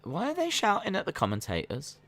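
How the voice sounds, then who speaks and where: Bright-voiced man calling wrestling live. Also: a little fast, soft background music. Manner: calls the action and answers chat questions between moves; breaks into high-pitched disbelief when excited. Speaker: live stream reaction host. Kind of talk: casual watch-along commentary.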